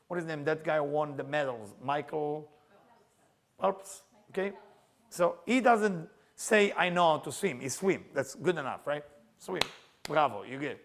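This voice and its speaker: Middle-aged Israeli man, slightly high and gravelly, spiritual teacher, storytelling and playing out both sides of a conversation. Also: moderate pace. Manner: animated, acts out dialogue, loud bursts. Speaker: Kabbalah teacher. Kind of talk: storytelling lesson.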